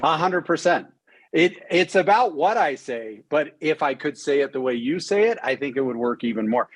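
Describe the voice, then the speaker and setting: A man hosting an interview over a video call from a cabin, talking with eager, excited energy and plenty of restarts. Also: a little high, moderate pace, no echo, poor audio. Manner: enthusiastic, with frequent restarts and fillers. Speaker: podcast host. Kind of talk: casual interview chat. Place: cabin home in Utah.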